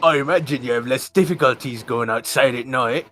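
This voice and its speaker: A man's voice: mid-range voice, a little fast, a bit bright, slight background noise, lightly acted. A man voicing a sly, courtly young man who speaks in honeyed, teasing formal phrases, in an amateur game read-through.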